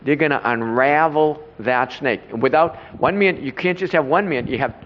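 A man shares a rambling story at an informal Bible study, often restarting and repeating himself. His voice sits fairly high. The recording carries a long hall echo and sounds dull and lo-fi. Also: moderate pace. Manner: rambling, repeats himself, trips over words.

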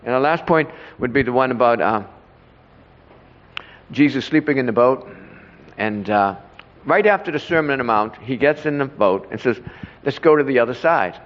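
A man's voice: mid-range voice, lively intonation, normal speed, pauses often. A man telling a rambling, stumbling story at an informal Bible study, repeating himself and tripping over words. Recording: echoey hall, dull lo-fi sound.

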